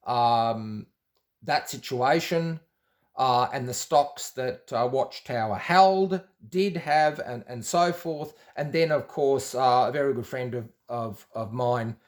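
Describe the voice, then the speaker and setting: Speaking slowly in a mid-range voice, a man from Australia recounts his life as a former Jehovah's Witness. It's a loose, casual storytelling monologue, full of false starts and reported dialogue.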